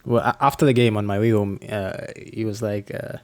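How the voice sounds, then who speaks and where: A man hosting a casual podcast chat, telling stories with lively acted-out quotes and frequent laughs. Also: lowish voice, fairly quick. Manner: animated storyteller, acts out quotes, laughs often. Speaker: podcast host and flight instructor.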